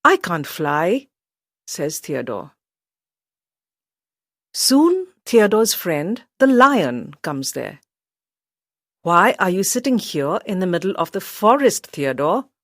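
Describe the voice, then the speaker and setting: Slow, lively woman reading a children's story. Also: no echo, clean studio sound. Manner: lively storyteller, voices quotes higher. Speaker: storybook narrator.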